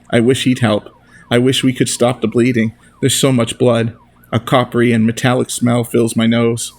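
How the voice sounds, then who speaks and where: A man reading his own novel aloud as a steady first-person narration. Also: mid-range voice, creaky.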